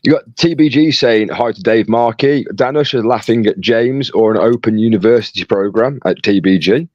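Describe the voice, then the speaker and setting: A man's voice: fairly low pitch, normal speed, a little mellow, dry recording, dull audio. A man co-hosting a casual livestream, reading out chat messages in a jokey, chatty way. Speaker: co-host reading live chat.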